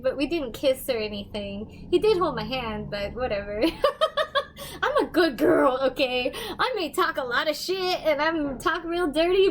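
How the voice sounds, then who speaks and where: Goofy young woman medium on a casual livestream, high-pitched, rambling, quick to laugh. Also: slight background noise. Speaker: medium giving livestream readings.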